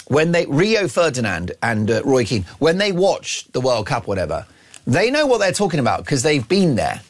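A brash male radio host riffs through a mocking opinion monologue. His pitch swings widely as he jokes and boasts about himself, talking straight to his listeners from the studio. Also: huge pitch swings, moderate pace, husky. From Ireland. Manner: brash, mocking, self-aggrandizing banter.

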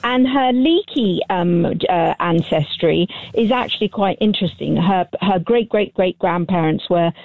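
A woman calling in to a radio show, talking in a hesitant, halting way over the phone. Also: fairly low pitch, no echo. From England. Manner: hesitant, halting, many restarts. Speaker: caller. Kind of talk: phone-in call. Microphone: telephone. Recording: tinny phone line.

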